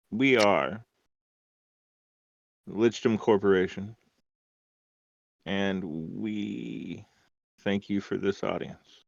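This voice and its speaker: A man's voice: on the low side, creaky, no echo, highs cut off, exaggerated voice. A man voicing a slick corporate representative with a formal, salesy delivery. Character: slick corporate greeter for a shady company.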